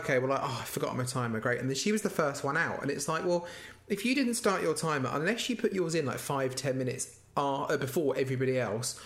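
Co-host: man, lively and giggly, mid-pitched. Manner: lively and giggly, quick to laugh. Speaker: podcast co-host. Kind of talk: casual chat reviewing a baking show.

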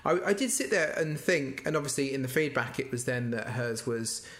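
A man co-hosting a podcast, chatting casually about a baking show in a lively way and laughing often. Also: medium pitch. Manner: lively and giggly, quick to laugh. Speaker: podcast co-host.

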